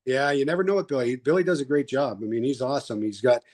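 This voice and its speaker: A man's voice: medium pitch, lively intonation, fast, a little mellow. A man, a former player, chatting easily as a guest with short replies. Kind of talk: casual chat.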